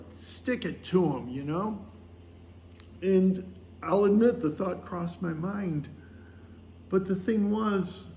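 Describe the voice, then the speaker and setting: A man's voice: a little high, darkish tone, reverberant, slight background noise. A man in his sixties telling a story in a casual vlog monologue, rambling along with many fillers and small chuckles. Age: 60s. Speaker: vlogger on a pilgrimage.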